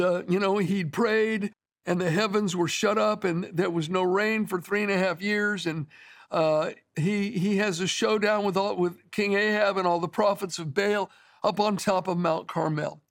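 Male preacher, high register with gravel, easygoing storytelling sermon delivery. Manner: conversational storytelling preaching with frequent restarts.

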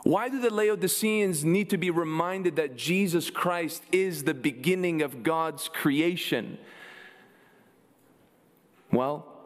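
A man preaching a sermon, asking his congregation rhetorical questions and answering them with emphasis. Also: on the high side. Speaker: pastor.

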